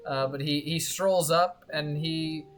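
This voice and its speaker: Game master narrating a tabletop rpg, slow and halting, lots of ums, faint music behind. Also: medium pitch, fairly even intonation. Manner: halting, many fillers and restarts.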